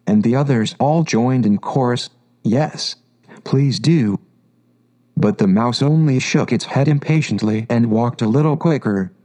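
A man narrating a classic storybook in a measured, unhurried reading. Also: mid-range voice, dark tone, poor audio.

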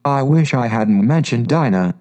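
A man's voice: mid-range voice, expressive, normal speed, lightly acted. A man voicing a polite little girl. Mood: earnest. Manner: earnest and polite, gently plaintive. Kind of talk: audiobook reading.

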